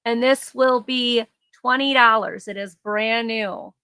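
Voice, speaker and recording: A woman's voice: a little high, slow pace, bright, forceful tone, smooth, no room sound, low-quality recording. A chatty woman running a casual live sale from home, describing items and laughing easily. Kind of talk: casual live auction chat. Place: home, near her garage.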